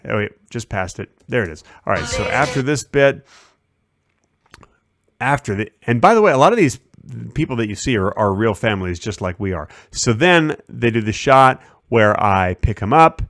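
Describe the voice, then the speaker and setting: This streaming host, a man with a fairly low voice, swings widely in pitch at a moderate pace as he rambles through behind-the-scenes stories from a shoot, acting out quoted lines. The sound is a bit bright, studio quality, with no room sound.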